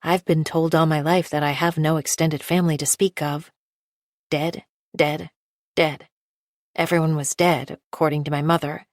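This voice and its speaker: Low voiced woman reading a novel in first person, precise and kinda detached. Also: level tone, moderate pace, dry recording, clean studio sound. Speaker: audiobook narrator. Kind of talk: first-person scripted narration.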